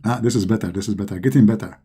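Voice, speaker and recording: Sarcastic man with a dark, husky voice. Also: on the low side, racing. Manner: sarcastic, scoffing, with a loose non-native grammar. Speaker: online commentator. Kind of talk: mocking religious-critique monologue.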